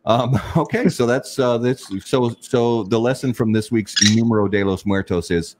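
A man's voice: medium pitch, normal speed, darkish tone. A man hosting a casual podcast, asking guests questions and cracking dry sarcastic jokes. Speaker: podcast host. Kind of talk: casual chat, interviewing.

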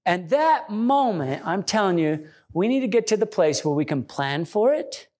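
Animated man preaching a sermon. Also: sits high, moderate pace. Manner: animated, joking asides with acted-out quotes. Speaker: pastor. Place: church sanctuary.

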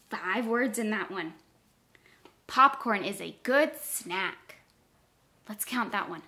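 A woman teacher walks young children through letters and sounds at a very slow, deliberate pace. Her voice is bright and carries a bit of tension, and she offers steady praise as she goes. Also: medium pitch. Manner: slow, clearly paced, encouraging.

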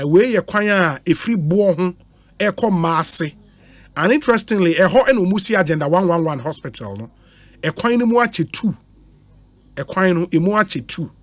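A man's voice: high voice, no room sound. A Ghanaian man hosting a radio talk show, mixing Twi and English and reading out listener messages. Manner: reads out listener messages, animated and laughing. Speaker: radio host. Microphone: studio microphone.

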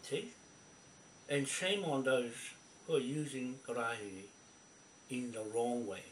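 A man's voice: medium pitch, slow pace. Furious swearing man, distant and roomy. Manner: furious, swearing constantly, confrontational. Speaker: video poster. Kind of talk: angry rant to camera. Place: indoors at a computer. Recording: roomy, distant from mic, faint background noise.

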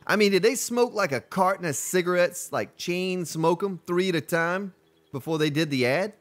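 A man with a deep voice streaming a survival game, chatting casually and greeting viewers from chat. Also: moderate pace. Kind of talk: casual live-stream commentary.

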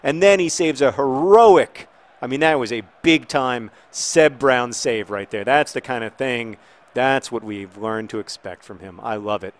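A man in his thirties talks loosely over a football video game, circling back on himself with fillers and restarts. His voice sits at an average pitch, and he now and then jumps into excited shouts at the play. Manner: rambling, halting, many fillers and restarts; bursts into excited outcries at the game. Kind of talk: casual talk over gameplay.

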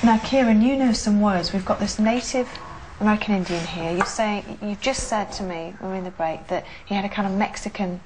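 A woman hosting a live ghost hunt, leading a séance in an excitable manner that often drops to a whisper. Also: mid-range voice, a little fast, few pauses, background noise. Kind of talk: live paranormal investigation.

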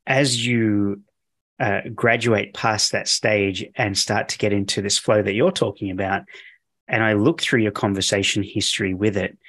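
A man's voice: lowish voice, a bit bright. A man co-hosting a podcast, interviewing his co-host in an enthusiastic, chatty way. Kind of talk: casual podcast chat.

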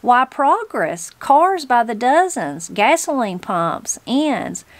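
A woman's voice: on the high side, big pitch swings, slow pace, dry recording, voice pushed up. A woman voicing a polite, eager young male surveyor. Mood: earnest. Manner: polite, earnest.

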